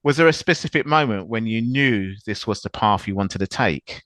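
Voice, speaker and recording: A man's voice: lowish voice, expressive, normal speed, a bit bright, no room sound. A man with a London accent hosting an interview, friendly and chatty, laughing easily. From London, England. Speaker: podcast host. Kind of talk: casual interview.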